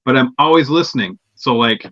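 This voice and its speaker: Bright-voiced rambling man, dull lo-fi sound. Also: mid-range voice, brisk, no echo. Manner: rambling, hesitant. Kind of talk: casual podcast talk.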